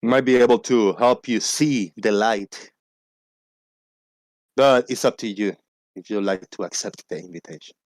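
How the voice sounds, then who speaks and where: A man's voice: lowish voice, a little slow, long pauses, no room sound. A man hosting a casual livestream, talking animatedly, swearing freely and acting out phone callers in a raised voice. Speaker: livestream host.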